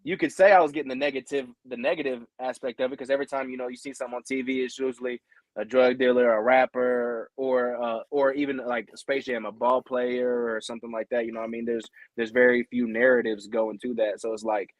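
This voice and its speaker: A man's voice: medium pitch, little pitch movement, brisk, no echo. Talk it through loosely and earnestly as a young guy on a podcast, voice dry and close. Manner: rambling, peppered with "you know what I mean"; earnest and heartfelt. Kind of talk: casual podcast chat.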